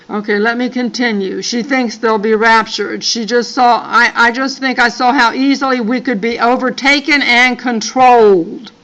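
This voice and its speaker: A woman's voice: fairly high pitch, a bit bright, lo-fi sound. An older woman and grandmother reading a dream account aloud, breaking off for earnest, apologetic asides. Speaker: channel host.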